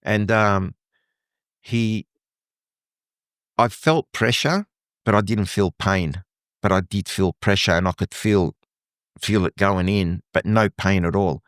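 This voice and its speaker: A middle-aged man from Lebanon with a lowish voice tells his story vividly and acts out the lines he heard. The sound is close and dry, with no room around him. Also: takes it slowly, long pauses, no room sound. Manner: animated storytelling, acting out quoted dialogue. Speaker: guest. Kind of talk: conversational interview.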